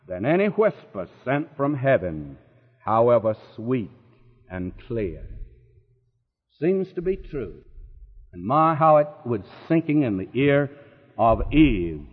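A man preaches a sermon with great emphasis, his lively voice leaping to high, ringing peaks. His slightly raised voice carries a long reverb, as if in a large hall. The sound is thin and narrow, like a phone line.

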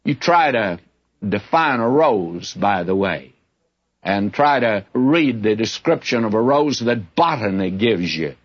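A man's voice: on the low side, expressive, unhurried, slightly rough. An older man teaching the Bible in a sermon, candid and folksy, telling stories from his own ministry. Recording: dull lo-fi recording.

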